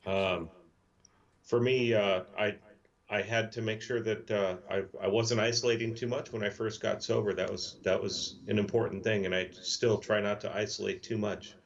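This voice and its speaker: A man co-hosting a casual live talk, speaking haltingly and agreeing with his co-host. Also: on the low side, fairly even intonation. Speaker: podcast co-host. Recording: distant dull lo-fi mic.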